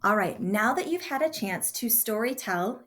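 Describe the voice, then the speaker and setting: A woman's voice: fairly high pitch, lively intonation, moderate pace, slight background noise. A woman teacher giving a classroom writing lesson and telling a chatty story from her own childhood. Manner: chatty storyteller with warm asides.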